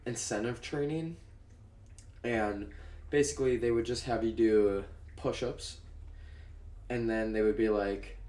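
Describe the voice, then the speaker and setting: A young man reacts in casual, rambling commentary, swearing easily as he explains things. His voice sits fairly low, and the room around him is noticeably echoey. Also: darkish tone. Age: young adult. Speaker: newly graduated Marine reacting to clips.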